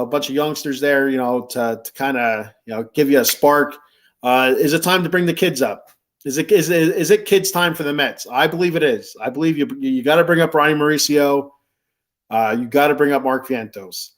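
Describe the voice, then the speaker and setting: Rambling man hosting a sports show. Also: on the high side. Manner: rambling, filler-heavy, repeats himself. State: choked up. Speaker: sports podcast host. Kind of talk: casual live-stream sports talk.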